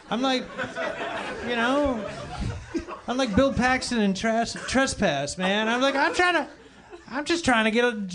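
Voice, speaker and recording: A man co-hosting a comedy podcast, rambling and stammering, repeating himself. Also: very high voice. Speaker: podcast co-host. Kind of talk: casual comedic chat.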